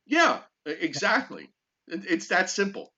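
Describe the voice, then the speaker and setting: An older man co-hosting a casual show, telling a story in an animated, exasperated way. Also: high voice, unhurried. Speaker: co-host. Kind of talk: casual chat. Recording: dull lo-fi sound.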